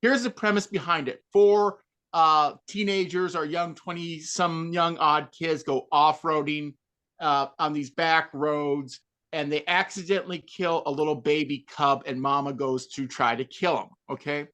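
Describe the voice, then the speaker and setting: A woman co-hosting a podcast, telling stories in an animated, sarcastic way during a casual panel chat. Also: low voice, measured pace. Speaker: podcast co-host.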